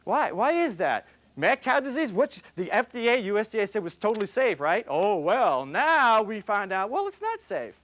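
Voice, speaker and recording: A man's voice: high voice, very animated, moderate pace, fairly bright tone. An older man, a veterinarian, giving a rambling, jokey conference lecture.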